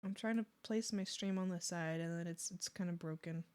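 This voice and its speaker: A woman's voice: fairly low pitch, a little fast, a little mellow, clear, resonant tone. A woman streamer chatting casually while she draws, bubbly and giggly, with lots of "like" fillers. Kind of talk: casual chat while drawing.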